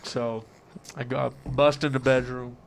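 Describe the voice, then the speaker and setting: A man telling a swearing, animated story about winning a lottery prize, acting out what everyone said. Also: mid-range voice, a little slow, creaky. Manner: profane, animated, acts out quotes. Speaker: lottery winner guest. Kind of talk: casual storytelling.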